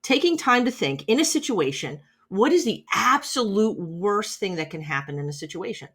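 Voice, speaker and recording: A woman's voice: mid-range voice, very animated, normal speed, fairly bright tone, husky. A middle-aged woman giving a chatty, emphatic motivational talk as a podcast host, often checking in with "right?".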